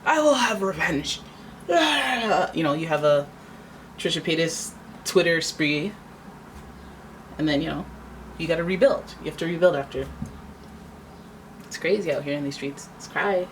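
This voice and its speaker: Woman tarot reader, low voice, chatty and theatrical, faint hiss behind. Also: animated, measured pace, long pauses, poor audio. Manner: chatty, dramatic, acts out quoted voices. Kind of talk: casual tarot reading.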